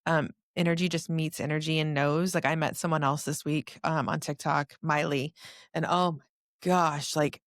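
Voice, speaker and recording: A woman guest on a podcast, an energy healer telling stories in a gushing, animated way. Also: low voice, normal speed, dry recording, clean studio sound. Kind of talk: casual chat.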